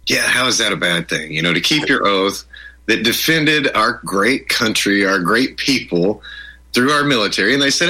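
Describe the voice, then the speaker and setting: A man's voice: fairly low pitch, lively intonation, moderate pace, pushed and bright, breathy edge, low-quality recording. A man speaking as an interview guest, telling stories in an emphatic way and often repeating words. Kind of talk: conversational interview.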